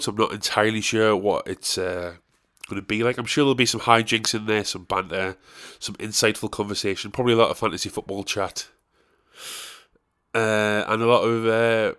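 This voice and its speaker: A young man with a fairly low voice opens his podcast on his own in an easy, rambling way. He jokes about himself and wanders off on loose asides as he talks. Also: a bit bright. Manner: rambling, self-deprecating, jokey. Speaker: podcast host. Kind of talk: casual solo podcast intro.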